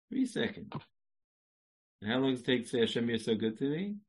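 A man's voice: medium pitch, darkish tone, slightly rough, rough recording. A man giving a religious lecture, repeating short phrases, laughing and breaking into song. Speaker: Jewish lecturer.

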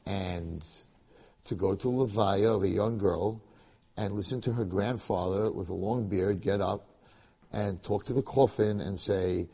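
Husky lecturer in a reverberant hall. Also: male voice, fairly low pitch. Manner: animated storytelling, rising to loud emphasis. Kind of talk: Torah lecture to a live audience.

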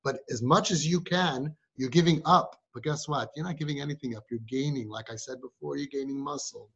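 A man's voice: mid-range voice, fairly quick, gravelly, husky. A man who guides families, giving a live talk to a group of girls and firing rhetorical questions at them. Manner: rhetorical, fires questions at the audience. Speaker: parenting guide addressing siblings. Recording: muffled recording.

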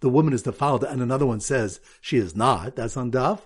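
A man's voice: mid-range voice, brisk, husky. A man, a rabbi, teaching a Talmud lesson with memory aids and a quiz, reading Aramaic in a sing-song lilt.

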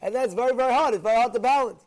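A man teaching a Torah class, talking in an animated way, repeating phrases for emphasis and acting out the people in his examples, with Hebrew and Yiddish words mixed in. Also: very high-pitched, very fast.

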